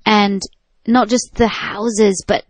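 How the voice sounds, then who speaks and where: A woman's voice: medium pitch, fairly even intonation, slow, dry recording. A jet-lagged woman co-hosting a podcast, chatting in a giggly, punch-drunk way. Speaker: podcast co-host. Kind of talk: casual chat.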